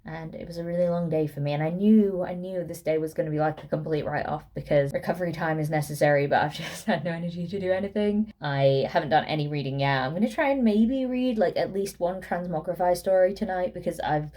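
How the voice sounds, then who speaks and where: Tired young woman with a low voice. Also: quick pace, hardly any pauses. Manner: rambling, excitable, giggly. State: tired, losing her voice. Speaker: book vlogger. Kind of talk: casual chatty vlog. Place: lying in bed.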